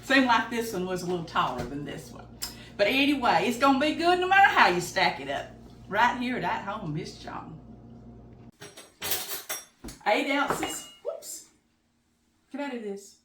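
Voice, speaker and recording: Older Southern woman, folksy home-cook host, slightly high voice, echoey kitchen. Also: sing-song, normal speed, long pauses, bright, forceful tone, a little hiss or hum. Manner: folksy, chatty, homespun. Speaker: home cooking show host. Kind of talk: casual cooking demonstration.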